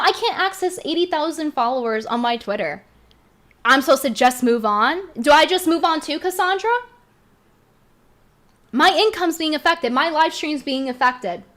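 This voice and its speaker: A young woman streamer speaks in a high, bright voice, worked up and indignant. She fires off rhetorical questions and circles back to the same points again and again, her delivery clearly heated. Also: expressive, normal speed. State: upset, heated. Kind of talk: heated commentary rant.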